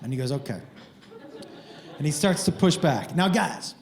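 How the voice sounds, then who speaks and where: A middle-aged man doing stand-up, telling crude stories in a playful, animated way with sudden loud outbursts. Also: on the high side, a little fast, gravelly. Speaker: stand-up comedian. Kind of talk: stand-up storytelling. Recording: roomy echo with faint noise.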